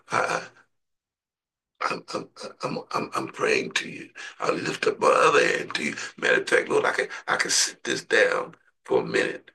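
A man preaching a sermon and leading a prayer, impassioned, surging from hushed to shouting. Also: fairly low pitch, vocal fry, husky, recorded from a distance.

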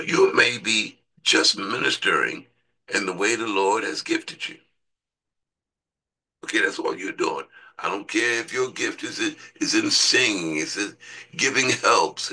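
A low, gravelly man preaches in a chatty sermon style. His voice swings widely, leaping up high when he gets excited, and it has a husky edge. He keeps asking his listeners rhetorical questions. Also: low-quality recording.

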